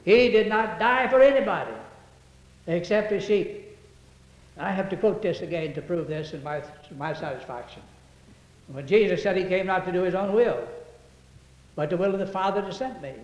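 A man preaching a sermon, quoting scripture in old-fashioned wording and getting louder on the verses. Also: normal speed, pauses often. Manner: rises in pitch and volume on quoted verses, hesitant restarts between. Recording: echoey hall, dull lo-fi sound.

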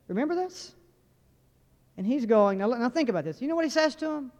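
Folksy preacher, lively high voice. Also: male voice, fairly quick. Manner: folksy, humorous, asks the crowd questions. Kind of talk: sermon. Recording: dull recording with long hall reverb.

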